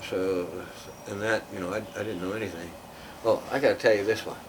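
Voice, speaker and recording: A man's voice: fairly low pitch, steady tone, a little fast. An older man telling rambling, casual stories, acting out the other people's voices and dropping to a near whisper for asides. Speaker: storyteller guest. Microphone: far from the mic. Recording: distant mic, audible background noise.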